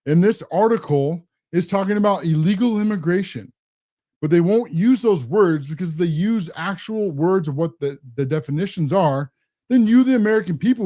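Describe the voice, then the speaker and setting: A man's voice: sits high, lively intonation, moderate pace, mellow. A man hosting a political commentary show, ranting in a combative, sarcastic way. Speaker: host.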